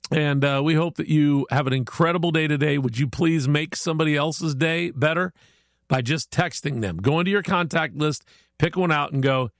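A man's voice: a little high, lively intonation, moderate pace, fairly bright tone, dry recording. A male radio morning show host in casual chat, upbeat, chatty and friendly, in a studio.

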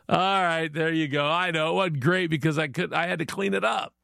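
Gravelly high-voiced folksy male host. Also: a little fast, sharp tone, no room sound, studio quality. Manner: folksy, chatty, laughs easily. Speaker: radio show host. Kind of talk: casual morning show chat.

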